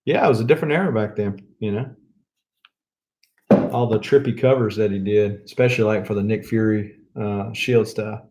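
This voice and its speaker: A man's voice: lowish voice, darkish tone. A man with a Southern US accent, chatting casually in a rambling way while he shows off a haul of comic books. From Mississippi. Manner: rambling, chuckling, drawn-out fillers. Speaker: comic book channel host.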